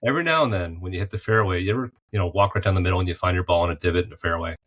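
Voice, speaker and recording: A deep-voiced man speaks as a podcast guest, thoughtful and unhurried in tone. He builds his answers around golf and faith analogies, reflecting in a casual, conversational way. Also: fairly bright tone. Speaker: podcast guest, former golf pro turned artist.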